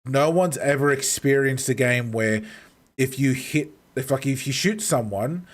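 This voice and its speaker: A man's voice: medium pitch, unhurried. Swearing man telling rambling stories. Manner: rambling storyteller, heavy swearing. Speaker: streamer host. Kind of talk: casual chat.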